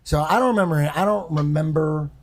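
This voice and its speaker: Guy with a raspy gravelly voice rambling thru a party story, swears a lot, kinda high pitched. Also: fairly quick. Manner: rambling, profane, repeats himself. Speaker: podcast guest. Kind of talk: casual storytelling.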